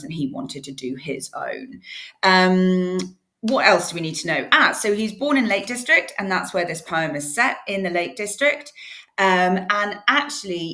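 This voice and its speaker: A woman's voice: fairly low pitch, fairly bright tone. A woman giving a casual, chatty literature revision lesson to students. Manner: chatty, informal, encouraging. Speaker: English literature teacher.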